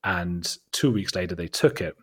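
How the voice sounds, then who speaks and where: An Englishman with a husky, fairly low voice tells his story in a loose, chatty way. He is animated and self-deprecating, and he keeps slipping in quoted asides. His English accent stays plain throughout. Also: moderate pace. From England. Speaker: documentary filmmaker, guest. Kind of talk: casual interview storytelling.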